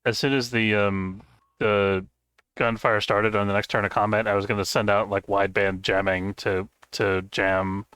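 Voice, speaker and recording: A man playing a tabletop game, laying out tactics in a halting way. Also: fairly low pitch, little pitch movement, fairly bright tone, clean tone, no echo. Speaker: player.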